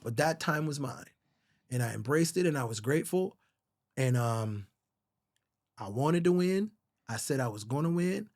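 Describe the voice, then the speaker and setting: Virgin islands guy telling stories in a podcast interview, raw and emotional, cusses a lot, voice a bit on the high side. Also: expressive, normal speed, pauses often, darkish tone. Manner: candid, emotional, swears often, says "bro". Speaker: songwriter guest. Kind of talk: casual storytelling interview.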